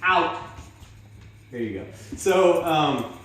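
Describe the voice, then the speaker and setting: A man teaching dog training in a casual, rambling way, switching into high excited praise for the dog. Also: brisk, a little hiss or hum. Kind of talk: casual hands-on instruction. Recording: very echoey room, mic at a distance.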